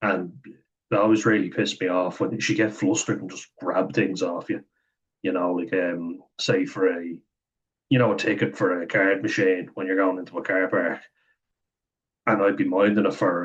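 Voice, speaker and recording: A man's voice: sits low, little pitch movement, normal speed, pauses often, dull audio. A young man talking candidly to camera, swearing freely, laughing often and acting out what other people said. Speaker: vlogger. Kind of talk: candid personal talk to camera.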